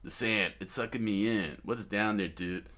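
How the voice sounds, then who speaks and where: Man doing a slangy, excitable young pirate hero. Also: on the low side, normal speed. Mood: alarmed. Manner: slangy, excitable surfer-like talk. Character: brash young male pirate hero, cheerful, says dude.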